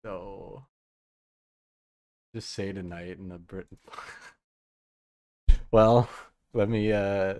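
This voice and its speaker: A man's voice: low voice, fairly even intonation, drawn-out words, pauses often, a little mellow, no echo, clean studio sound. A man hosting a podcast live on stream, chatting loosely and swearing as he reads chat aloud. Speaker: podcast host.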